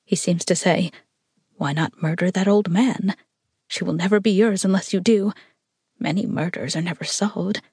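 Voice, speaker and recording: A woman's voice: fairly low pitch, fairly even intonation, moderate pace, darkish tone, husky, no room sound, clean studio sound. A woman reading aloud voices a devoted, tormented young man who speaks in earnest murmurs, sometimes half-whispered.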